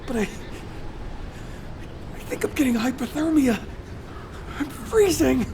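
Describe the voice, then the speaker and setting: A woman's voice: medium pitch, expressive, moderate pace, natural voice. An actress playing a shaken young woman hunter who stammers through her account in a game. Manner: hesitant, breathless storytelling. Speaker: game character. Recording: game audio with ambient noise.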